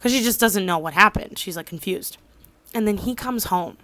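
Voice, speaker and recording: A woman's voice: medium pitch, normal speed, pushed and bright, dry recording. A woman in her twenties casually recapping a drama, rambling with lots of fillers and losing track of details. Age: 20s. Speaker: drama reviewer.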